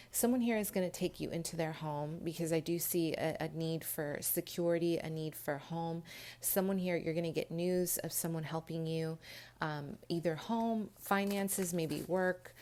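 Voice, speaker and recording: A woman giving a pick-a-card tarot reading, earnest and emotional, talking straight to her viewers with many pauses and restarts. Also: fairly low pitch, a little mellow. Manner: earnest, emotional, addresses viewers as "you guys"; frequent restarts and fillers, pauses mid-thought. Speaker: tarot reader.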